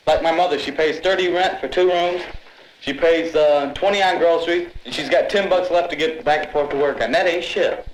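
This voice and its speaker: A man's voice: a little high, brisk, slight background noise. A man in a street group, talking earnestly and arguing his point in a group discussion. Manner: earnest, argumentative. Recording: roomy sound with a crowd around.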